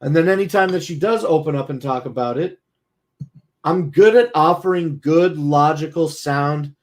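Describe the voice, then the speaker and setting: A man's voice: on the high side, moderate pace. A man streaming, talking casually in a blunt, profane, rambling way. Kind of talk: casual talk.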